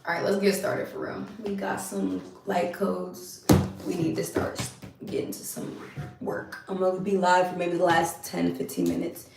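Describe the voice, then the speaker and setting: A woman streaming live, reading scripture slowly and giving heartfelt spiritual talk, often repeating her phrases. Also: fairly low pitch, little pitch movement, vocal fry, heavy background noise. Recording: roomy echo, distant from mic.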